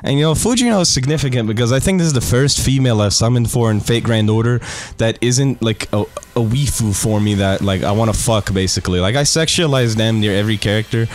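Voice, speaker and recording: A young man doing casual, crude commentary on game summons, swearing freely and joking around, sometimes jumping into loud high mock voices. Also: fast talker, slight background noise. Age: young adult. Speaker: gaming youtuber.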